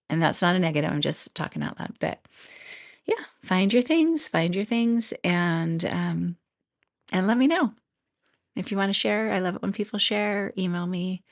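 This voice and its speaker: Chatty woman with a gravelly low voice. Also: no room sound, studio quality. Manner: chatty, laughs often, thinks out loud. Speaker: podcast host and coach. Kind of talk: casual solo podcast talk.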